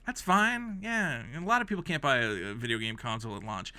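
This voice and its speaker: A man rants through comedic reaction commentary in a sharply bright voice that leaps high and dips low. He sounds exasperated and sarcastic, swinging from loud outbursts to low mutters. The recording is close and dry. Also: huge pitch swings, fairly quick, hardly any pauses, dry recording. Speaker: host reacting to a game console review.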